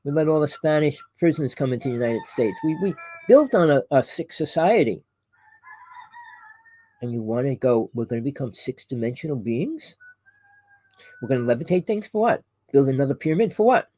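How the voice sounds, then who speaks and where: A man's voice: medium pitch, brisk, warm tone, rough recording. A man delivering a rambling, preachy monologue to camera. He keeps correcting himself, calls his listeners "people" and fires off rhetorical questions. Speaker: online conspiracy commentator.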